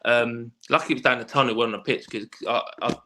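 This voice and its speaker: A man's voice: mid-range voice, fast, slight background noise. A man telling stories in a casual podcast chat, swearing freely and restarting his sentences often. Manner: animated storyteller, swears freely, many restarts. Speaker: guest, former footballer.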